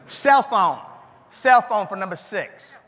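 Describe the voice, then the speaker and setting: This keynote speaker's Cajun-accented voice is high-pitched and sing-song with a fairly bright tone, and he takes a slow pace. Folksy and chatty, he draws answers from the audience and repeats them back, all in a reverberant hall.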